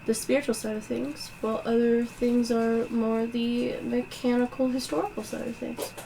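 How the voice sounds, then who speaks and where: A woman's voice: on the high side, flat delivery, moderate pace, gravelly, mellow, slight background noise, low-quality recording. A woman player chatting casually and joking around at a tabletop game. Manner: joking, playful.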